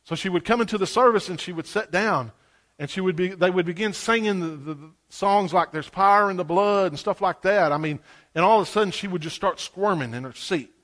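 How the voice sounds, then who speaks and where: A man preaching a sermon, telling a story with animated swings from hushed asides to loud exclamations. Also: high voice, a little fast.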